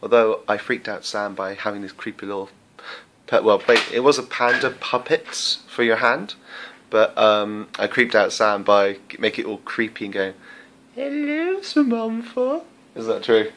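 Bright-voiced man vlogging. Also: on the low side, normal speed. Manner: chatty and excitable, many fillers. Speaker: travel vlogger. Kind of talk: casual travel vlog. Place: hotel room, then outdoors at a castle.

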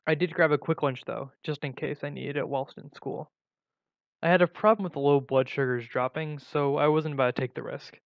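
A man reading a first-person story aloud in a plain, steady way, with small slips and restarts. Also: on the high side, brisk, creaky, no room sound. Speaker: story reader. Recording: dull lo-fi recording.

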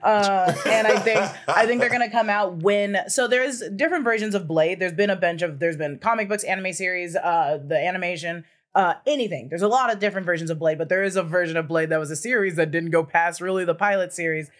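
A woman's voice: on the low side, a little fast. A woman on a panel sharing a fan theory in casual chat, rambling, laughing often and swearing casually. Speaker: panel guest presenting a theory.

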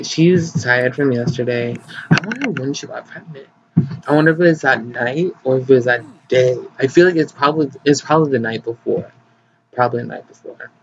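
A man casually commenting as he plays a life-sim game, chatty, excitable and gossipy, recorded on slightly dull lo-fi audio. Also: medium pitch, a little hiss or hum. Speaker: gaming channel host. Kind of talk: casual let's play commentary.

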